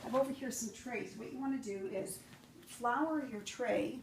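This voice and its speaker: A middle-aged woman talking casually while she demonstrates a recipe in a home kitchen. She rambles and fills pauses with "um". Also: a little high, noisy background. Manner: chatty and rambling, with many fillers. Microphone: camera mic, filmed by her son.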